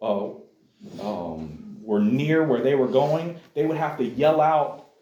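A man's voice: medium pitch, lively intonation, slow pace, dark tone, echoey room, lo-fi sound. A man teaching a Bible lesson to a youth class, emphatic and addressing his listeners directly.

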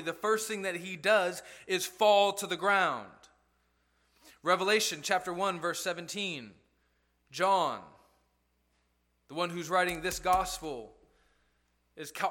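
A male pastor with a high voice and fairly bright tone preaches a sermon conversationally, asking rhetorical questions as he goes.

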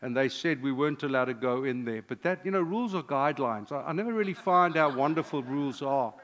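An older man, a pastor, preaching a sermon with personal stories, sometimes dropping to a hushed confessional tone. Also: medium pitch, animated, quick pace.

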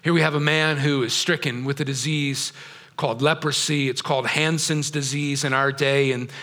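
In a theater serving as a church, a middle-aged pastor speaks in a slightly high, sharp voice with fairly even intonation and a moderate pace. His sermon is conversational, inviting the congregation in with questions.

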